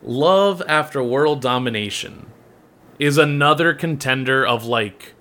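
A man co-hosting a podcast, telling stories in a playful, animated way. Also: mid-range voice, unhurried. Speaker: podcast co-host, anime reviewer. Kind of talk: casual podcast chat.

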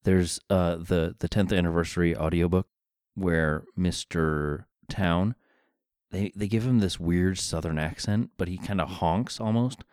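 A man with a deep, low voice hosting a solo podcast, musing over a book in a relaxed, wry way as if thinking out loud. His voice is recorded very close and dry, with no room sound at all. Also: unhurried, no echo. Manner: thinking aloud, conversational and wry. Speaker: podcast host. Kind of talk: casual solo book commentary.

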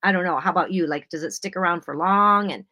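A woman's voice: on the low side, fast talker, pushed and bright, no room sound. Earnest woman sharing faith talk, dry sound. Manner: earnest, encouraging, quotes herself aloud. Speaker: podcast co-host. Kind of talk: casual faith-based chat.

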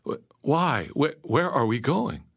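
A man's voice: mid-range voice, animated, takes it slowly, dark tone, husky, no room sound, clean studio sound, pitched above the performer's own voice, exaggerated voice. A man voicing a frightened young boy who stammers and pleads with his captors in a storybook reading. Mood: panicked.

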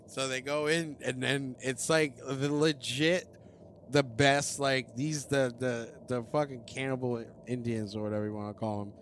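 A man's voice: medium pitch, fairly even intonation, measured pace, a little hiss or hum. A man casually and profanely recapping a film, rambling and acting out the characters' lines. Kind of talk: casual movie-recap chat.

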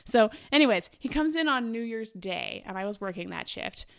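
A young woman chatting on a podcast, her voice carrying a gravelly, fry-tinged texture. She tells rambling stories full of "like" and breaks into giggles often. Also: fairly high pitch, lively intonation, normal speed. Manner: storytelling, giggly, lots of filler "like". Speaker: podcast co-host. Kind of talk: casual chat.

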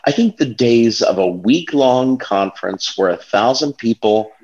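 A man's voice: mid-range voice, lively intonation, measured pace, darkish tone. A talkative, wordy man speaking as a guest in a casual discussion. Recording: dull muffled audio.

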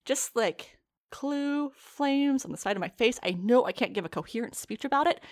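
An animated woman from the United States talks in a loose, casual chat, laughing often and swearing freely. Her voice sits a little high. She speaks in lively bursts. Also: normal speed. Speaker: podcast co-host reacting to an anime.

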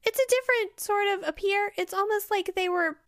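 A woman narrating as game master of a tabletop game, lively and descriptive. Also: extremely high pitch, fairly quick, no echo, studio quality.

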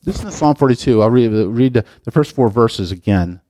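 A man's voice: mid-range voice, animated, mellow, no room sound. A man preaching a sermon as pastor, moving between reading scripture aloud and chatty, digressive asides to his congregation. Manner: reads scripture aloud with pauses and stresses. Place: church sanctuary.

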